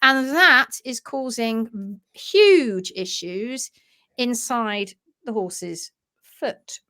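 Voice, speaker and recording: A woman teaching hoof care on a live stream, animated and chatty. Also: a little high, extremely slow. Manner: animated, acts out little voices for hoof parts.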